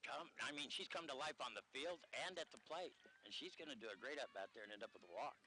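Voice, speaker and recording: Bantering man calling local softball. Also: mid-range voice, quick pace, a little hiss or hum, rough recording. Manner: jokey, rambling banter. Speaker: radio sports commentator. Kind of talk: local radio softball play-by-play. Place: outdoor softball field broadcast.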